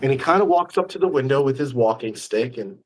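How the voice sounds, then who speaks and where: A man hosting a casual live-stream interview, an animated storyteller full of quick asides. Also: medium pitch, a little hiss or hum. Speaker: magician, host.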